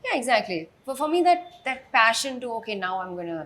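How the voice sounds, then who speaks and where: A woman, an actress, speaking in a candid interview chat, quick and chatty. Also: fairly high pitch, very animated, fairly bright tone, a little hiss or hum. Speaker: actress guest. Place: recorded in a café or room.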